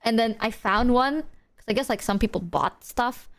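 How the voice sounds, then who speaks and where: A young woman chatting to her stream viewers in a fairly high voice. She rambles and mocks herself, slips into slang and laughs a lot. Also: moderate pace. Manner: rambling, self-mocking, laughs often, slangy. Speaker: VTuber streamer. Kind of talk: casual chat with stream viewers.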